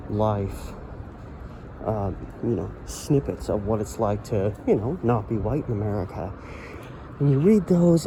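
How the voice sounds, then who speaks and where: Man ranting while walking at night. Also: medium pitch. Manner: heated ranting, many "you know" fillers. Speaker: vlogger. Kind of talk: casual walking vlog monologue. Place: city streets outdoors at night, walking. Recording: street noise with passing traffic. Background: traffic and urban ambience.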